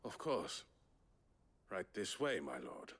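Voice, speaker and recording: Brief: a low-voiced, smarmy game merchant, courteous on the surface and plotting underneath. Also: male voice, sing-song, slow pace, fairly bright tone, breathy edge, heavily acted. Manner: courteous, oily politeness. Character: smooth, scheming male crystal merchant. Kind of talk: video game cutscene dialogue.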